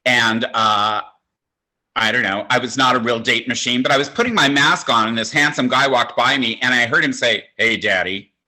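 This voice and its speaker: Bright-voiced older man doing stand-up. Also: mid-range voice, normal speed. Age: 60s. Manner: campy, conversational, self-mocking delivery. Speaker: stand-up comedian. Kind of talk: stand-up comedy set. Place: home, virtual show.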